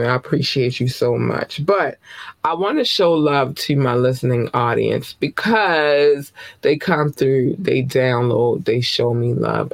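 A man hosting a podcast, talking casually with chatty, affectionate, rambling shout-outs to his listeners. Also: medium pitch, gravelly, dry recording. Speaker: podcast host.

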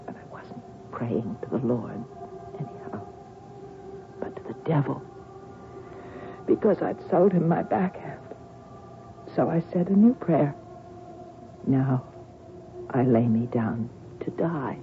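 An actress playing a fragile, despairing woman narrating her childhood memories in a hushed, dreamy voice, in 1970s radio drama style. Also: low voice, background noise. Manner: hushed, dreamy, drifting into whispers. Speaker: narrator of the story. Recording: tinny 1970s radio broadcast over music.

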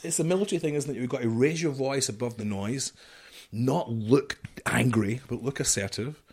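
A man's voice: mid-range voice, normal speed, darkish tone, slightly rough. A middle-aged man telling a rambling, profane war story as a podcast guest, leaning on "you know" as he goes. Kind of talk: casual storytelling interview.

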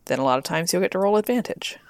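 A woman player in a casual tabletop game, describing her moves in a relaxed, easygoing way. Her voice is very low, and the recording is close and dry. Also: rapid-fire, no room sound.

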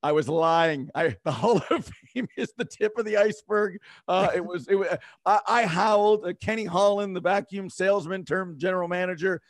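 A man's voice: sits high, normal speed, dry recording, clean studio sound. A middle-aged man hosting a casual hockey podcast, talking with eager enthusiasm and frequent chuckles. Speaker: podcast host.

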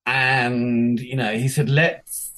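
A man in his fifties from England tells his own stories in a relaxed, candid way. He swears freely and brings the quoted people to life with lively voices. His pitch sits in an ordinary middle range for a man. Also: unhurried. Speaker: interview guest. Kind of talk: candid storytelling.

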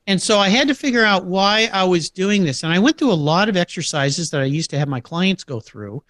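Middle-aged male guest, swooping lively delivery, laughs a lot mid-story. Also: high-pitched, normal speed, no echo, studio quality. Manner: animated anecdotes, acts out quoted voices, laughs often. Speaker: podcast guest. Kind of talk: casual interview storytelling.

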